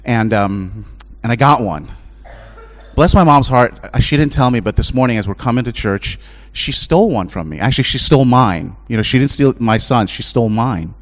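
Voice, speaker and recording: A man's voice: animated, normal speed. Impassioned male chaplain preaching. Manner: impassioned, rises to high pitch when pleading, drops low and hushed in storytelling. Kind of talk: sermon.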